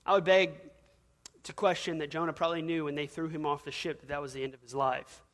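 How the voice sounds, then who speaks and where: A man's voice: on the high side, fairly even intonation, fast, a bit bright. A male pastor preaching a sermon, telling stories casually and building to emphatic peaks, in a church. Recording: long hall reverb.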